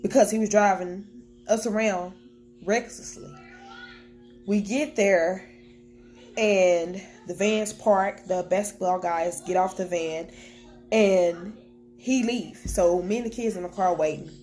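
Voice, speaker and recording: Young woman, vlogger, candid storytelling to camera at home, mid pitch, soft music bed. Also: slow pace. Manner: candid, plain-spoken retelling with quoted dialogue. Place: at home with children nearby.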